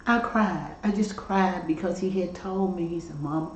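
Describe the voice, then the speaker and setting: A woman's voice: lowish voice, moderate pace, lo-fi sound, slight background noise. A woman, a grieving mother telling a story in a casual group conversation, laughing often as she talks. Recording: roomy, distant mic, group around.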